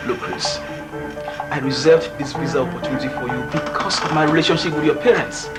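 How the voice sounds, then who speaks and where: A man's voice: on the high side, fairly quick, close to an everyday voice. An actor playing a firm, businesslike man enforcing a deadline, in a film drama. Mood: stern. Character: stern man holding a visa deadline. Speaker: film character. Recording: film audio under loud music score.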